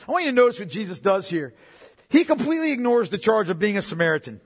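A man with a notably high voice delivers an emphatic sermon, driving points home by repeating them. His delivery swings between ringing declarations and hushed, almost whispered asides. A long reverb trails each phrase, as from a large church hall. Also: very animated, fast talker, breathy edge. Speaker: pastor. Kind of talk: expository sermon.

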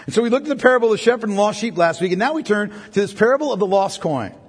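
Male pastor, high husky voice, chatty sermon full of "right?" asides, long church reverb. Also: expressive, very fast. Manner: conversational preaching with frequent tag questions.

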